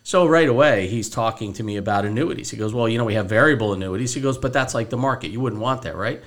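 A fast-talking man with a medium-pitched voice hosts a podcast as a financial advisor. He tells a story casually, acting out both sides of a phone call.

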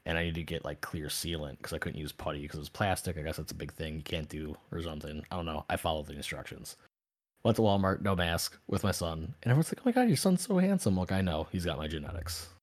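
A man with a deep, slightly husky voice chats quickly and loosely on a podcast. He rambles through anecdotes, restarting sentences as he goes. His energy picks up when he retells what others said. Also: steady tone. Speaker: podcast co-host. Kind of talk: casual chat.

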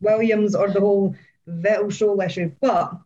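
A woman chatting excitedly on a podcast, gushing and laughing often. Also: medium pitch, moderate pace, muffled recording. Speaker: podcast co-host. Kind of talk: casual chat about motor racing.

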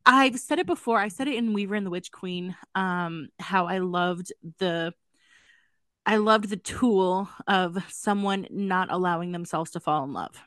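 A woman's voice: on the low side, measured pace, fairly bright tone, no echo, studio quality. A woman co-hosting a casual book review podcast, talking animatedly and slipping into silly voices to mock characters. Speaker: podcast co-host.

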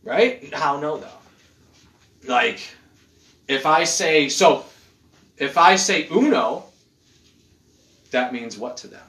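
A man rambles through casual chat in a bright, high voice that swoops up and down. He talks in an animated way and swears a lot. The room rings with echo. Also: slow, pauses often. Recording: echoey room.

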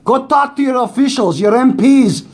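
A man's voice: very high voice, normal speed. A Canadian man co-hosting a podcast, ranting with lots of swearing in casual chat. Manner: profane, ranting, animated political rant. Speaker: podcast co-host. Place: small hot studio.

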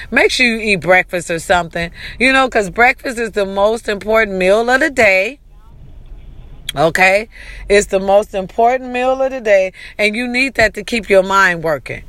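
An animated woman, chatting to her audience with a casual, encouraging energy. Her voice is bright and forward. The sound is close and dry, with no room echo. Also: mid-range voice. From California. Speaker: vlogger. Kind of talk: casual motivational talk to camera.

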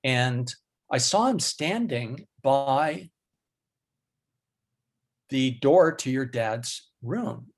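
Slow, husky-voiced man telling a story. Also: mid-range voice, expressive. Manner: slow, halting delivery with many fillers. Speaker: guest. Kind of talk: storytelling in an interview.

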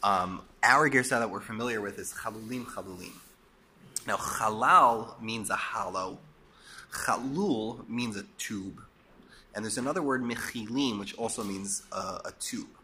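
A man teaching a Torah class, explaining and posing rhetorical questions, a bit hoarse and coughing as he loses his voice. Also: lowish voice, unhurried, bright, forceful tone, a little hiss or hum. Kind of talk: lecture.

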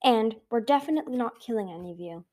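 A woman's voice: a little high, animated, fast talker, darkish tone. A woman reading as an earnest young dragon. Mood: firm. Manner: firm and earnest. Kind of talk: amateur audiobook reading.

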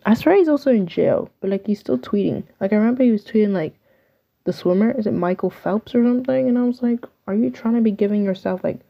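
A woman's voice: medium pitch, expressive, quick pace, vocal fry, muffled recording. A young woman hosting a podcast, talking casually and opinionatedly, with lots of "like" fillers. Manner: chatty, opinionated, filler-heavy with "like". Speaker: podcast host. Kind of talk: casual solo podcast chat.

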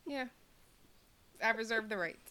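A woman's voice: fairly high pitch, a little slow, pushed and bright. A woman co-hosting a podcast in casual chat, upbeat and giggly as she signs off to listeners. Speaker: podcast co-host.

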